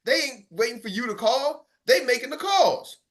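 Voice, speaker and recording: In a sing-song, extremely high-pitched voice with a bit of brightness, a man speaks at normal speed to his sales team via an online meeting. His motivational coaching is fired-up and preachy, full of repetition for emphasis, and he addresses the live group directly, naming individual listeners.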